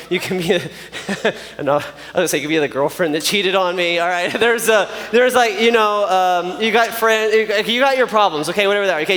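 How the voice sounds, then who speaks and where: Youth pastor guy, lively and jokey, voice kinda high, long echo from a big hall. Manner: animated, joking, talks straight to the audience. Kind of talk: youth sermon with props. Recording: long reverb of a large hall.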